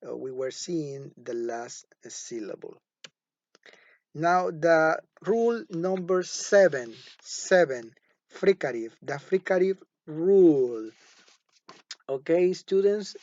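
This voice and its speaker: Man teaching phonetics, slow deliberate delivery, repeats example words, slightly raised pitch, dull dry lo-fi recording. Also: a little mellow, no room sound. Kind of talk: recorded phonology lesson.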